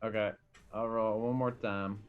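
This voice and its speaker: A man's voice: fairly low pitch, flat delivery, a little slow, phone-quality sound, faint music behind. A man playing a tabletop game, casually describing his attacks. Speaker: player. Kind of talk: tabletop gaming chat.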